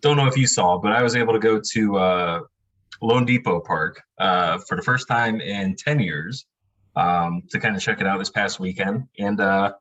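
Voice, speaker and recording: Podcast guest: easygoing man with a lowish voice, wry and rambling. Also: normal speed, fairly bright tone, rough recording. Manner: laid-back, wry, rambling with many fillers. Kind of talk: casual podcast chat.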